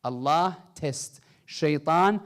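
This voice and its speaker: A man giving an impassioned sermon, swinging between soft, low passages and loud, high bursts, with recited Arabic phrases. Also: drawn-out words, clear, resonant tone. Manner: impassioned, rising and falling delivery with Arabic recitation. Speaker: speaker. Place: mosque hall.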